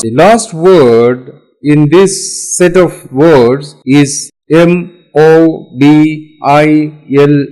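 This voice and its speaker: A man with an Indian English accent walks through a lesson in a fairly high voice. He takes his time and explains each point carefully. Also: a little mellow, rough recording. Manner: slow, deliberate explaining. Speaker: teacher presenting software. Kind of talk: explanatory demo talk.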